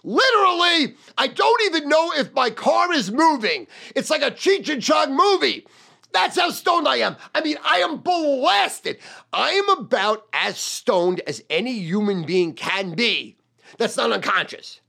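A man telling a wild personal story in a brash, profane, loud and boastful way. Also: extremely high pitch, very animated, measured pace, gravelly. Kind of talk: storytelling monologue.

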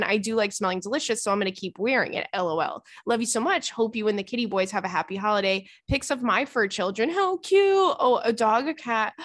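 A young adult woman hosting a podcast, reading listener emails aloud in an animated, chatty way. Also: on the high side, no echo, clean studio sound. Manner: animated, chatty, with laughs and gasps. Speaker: podcast host.

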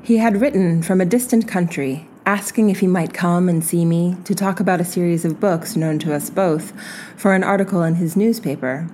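A woman reading a literary essay aloud in a slow, measured and reflective way. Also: on the low side, mellow, slight background noise. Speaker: reader.

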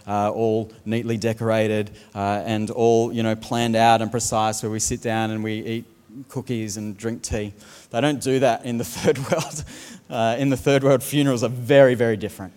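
A man's voice: mid-range voice, in a large hall. A man preaching a sermon as a pastor, telling funny stories and mimicking the way others speak. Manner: humorous storytelling, mimics accents.

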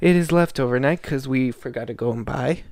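A man's voice: mid-range voice, brisk, a little mellow, no room sound, studio quality. A young man co-hosting a casual podcast at home, joking around and swearing freely. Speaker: podcast co-host.

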